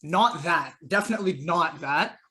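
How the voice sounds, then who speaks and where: A man's voice: a little high, normal speed, bright, forceful tone. A young man co-hosting a podcast in casual chat, with a teasing, dry banter. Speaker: podcast co-host.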